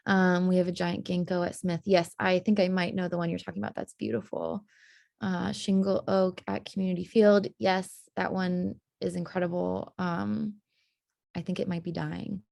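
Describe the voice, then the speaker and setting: A woman's voice: medium pitch, creaky, dry recording, clean studio sound. A young woman, a tree historian, presenting casually on a video call, chatty and full of fillers and small laughs. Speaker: tree historian giving a talk.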